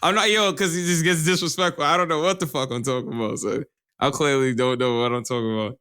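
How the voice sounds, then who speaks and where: A man's voice: on the high side, steady tone, fast talker, sharp tone, smooth, dry recording. A man co-hosting a podcast in casual, rambling chat, swearing and laughing often. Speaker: podcast co-host.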